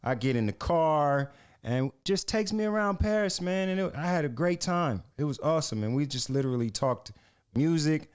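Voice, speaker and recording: A man's voice: a little high, lively intonation, normal speed, clean tone. A man co-hosting a sports podcast, telling a story in a laid-back, slangy way. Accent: American. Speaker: podcast co-host.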